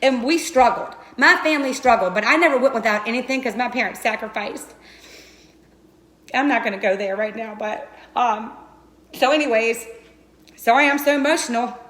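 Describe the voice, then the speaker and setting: A woman tells her personal story with heartfelt passion, often calling out to her listeners. Her voice is bright and sits a bit high. The room around her is echoey. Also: moderate pace, long pauses. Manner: earnest and passionate, addresses listeners as you guys. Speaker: direct sales coach. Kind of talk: emotional personal testimony.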